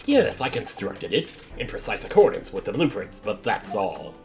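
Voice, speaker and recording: An aloof, middle-aged engineer on the witness stand, voiced by a man reading game dialogue. He talks in a low, flat and measured way. Soft game music runs behind him.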